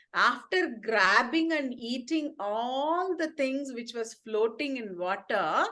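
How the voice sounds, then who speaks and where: An animated woman tells a bedtime story to children, pausing to ask them questions. Her voice is high and her pace slow and deliberate.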